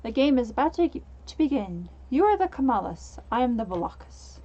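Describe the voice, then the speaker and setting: Brief: cryptic, grave male board-game keeper, read by a woman, high-pitched and dull-sounding. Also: very animated, normal speed, dark tone. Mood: solemn. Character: man playing a solemn board game. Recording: dull lo-fi mic.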